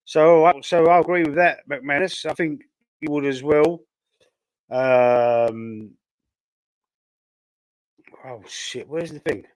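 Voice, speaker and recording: A man's voice: on the high side, steady tone, slow pace, pauses often, no echo. A man with a Cockney accent, chatting casually on a football fan stream, rambling and thinking aloud with lots of fillers while fighting a cough. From London, England. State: coughing, a bit choked. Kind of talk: casual live-stream chat, reading viewer comments.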